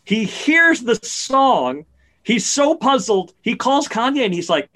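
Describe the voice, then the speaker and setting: A man on a podcast, telling a long story in a casual, animated way. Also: very high voice, slow. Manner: animated storyteller, gets excited and loud at punchlines. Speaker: podcast co-host. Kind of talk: casual chat.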